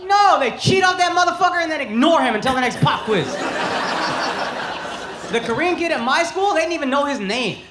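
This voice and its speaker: A man in his thirties with a very high-pitched voice works a club stage with a brash, profane stand-up set, his intonation lively and his pace a little fast. The delivery is punchy. It's a roomy live recording full of crowd noise, with loud audience laughter behind him.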